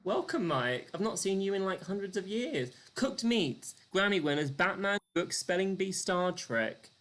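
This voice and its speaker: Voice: mid-range voice, sing-song, measured pace, a bit bright. A live-streamed quiz host, chatty and self-deprecating, counting down the clock and reading out the answers and the leaderboard.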